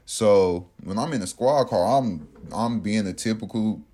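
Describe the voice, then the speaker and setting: A man casually telling a personal story in an animated, profane way, acting out what others said. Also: on the low side, a little slow. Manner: animated, profane, acts out quotes.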